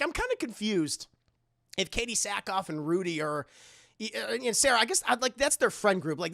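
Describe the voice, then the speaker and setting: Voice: mid-range voice, gravelly, pushed and bright, no room sound, studio quality. A streamer casually recapping a horror movie for chat, rambling and swearing with frequent laughter. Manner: rambling, profane, laughing often.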